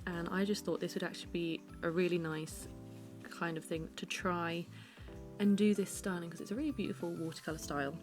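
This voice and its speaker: Chatty British woman, lowish voice. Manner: chatty, self-deprecating, rambling asides. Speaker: art vlogger. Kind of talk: casual chat while sketching. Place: her living room at home.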